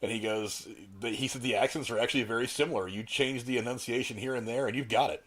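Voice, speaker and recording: A man's voice: mid-range voice, a bit bright. A man hosting a film discussion podcast, telling anecdotes and laughing easily. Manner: talks fast, tells anecdotes, laughs easily. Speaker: podcast host. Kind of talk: casual chat.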